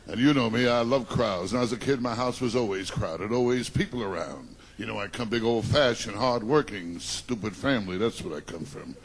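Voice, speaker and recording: A stand-up comedian from Long Island, rattling off self-deprecating one-liners and teasing the crowd. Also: male voice, on the low side, expressive, brisk, few pauses. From Long Island, New York. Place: comedy stage before a live audience. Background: audience laughter.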